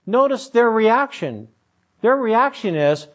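A man's voice: high-pitched, expressive, measured pace. A male pastor giving a sermon in a conversational, storytelling way, with self-deprecating humor.

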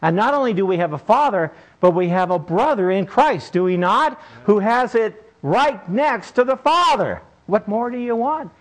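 Male preacher, sermon storytelling, emphatic, somewhat high voice. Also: expressive, moderate pace, hardly any pauses, low-quality recording.

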